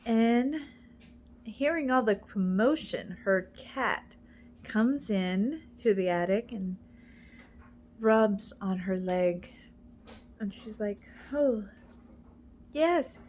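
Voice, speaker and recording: A woman casually telling a joke she heard, halting with fillers and restarts as she goes. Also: mid-range voice, a little mellow, a little hiss or hum. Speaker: storyteller.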